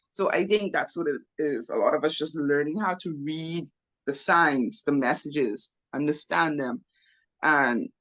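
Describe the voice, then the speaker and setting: A woman with a low voice speaks slowly. She reflects thoughtfully in a relaxed interview conversation. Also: rough recording. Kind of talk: casual conversation.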